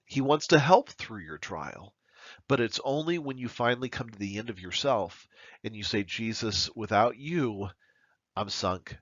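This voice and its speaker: A man's voice: mid-range voice, expressive, no room sound. Male pastor, emphatic sermon voice, dry close recording, slightly muffled. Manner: earnest, emphatic preaching with dramatic pauses.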